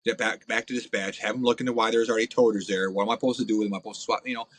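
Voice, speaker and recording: A man's voice: on the low side, rapid-fire, low-quality recording. Blunt, foul-mouthed man telling stories. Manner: blunt, crude, animated with frequent fillers. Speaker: podcast guest. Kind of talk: profane casual storytelling.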